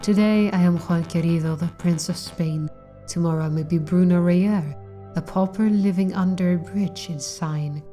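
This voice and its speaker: A woman voicing a sly male fox con man in a bird lawyer game, speaking low and hushed. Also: brisk, hardly any pauses, soft background music, lightly acted. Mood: smooth, evasive.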